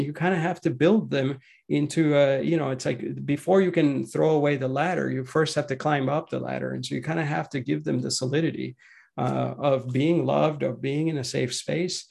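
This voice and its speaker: Creaky, husky man speaking reflectively. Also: mid-range voice, a little mellow. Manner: thoughtful, searching, frequent restarts and fillers. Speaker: guest speaker. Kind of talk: reflective talk on parenting.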